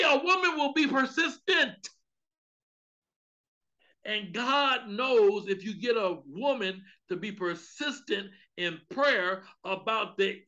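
A man preaching a sermon at a Bible study, telling a comic story with lively outbursts. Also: sits high, highs cut off. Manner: animated, comedic storytelling with outbursts. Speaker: pastor.

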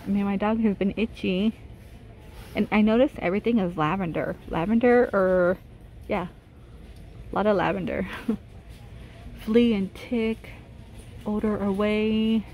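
A woman's voice: mid-range voice, unhurried, long pauses, a little mellow, a little hiss or hum. Chatty woman gushing over store finds. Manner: chatty, gushing over cute finds, reading prices aloud. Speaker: vlogger. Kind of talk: casual shop-with-me walkthrough. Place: inside a large retail store.

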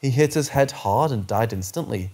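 Man, mid pitch, storytelling narration, measured, slows for eerie lines, rain behind. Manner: steady, measured storytelling, slowing on eerie phrases. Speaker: narrator of paranormal stories. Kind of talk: scripted narration.

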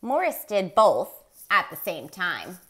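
A woman reads a picture book aloud at an unhurried pace. Her voice is bright and lively and swoops up and down to keep young listeners hooked. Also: lowish voice, slight background noise. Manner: animated and expressive. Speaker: story time reader.

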